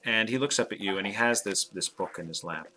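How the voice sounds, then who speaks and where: A man narrating as game master, hesitant with fillers and slowing down for dramatic description. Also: on the low side, bright, forceful tone, a little hiss or hum.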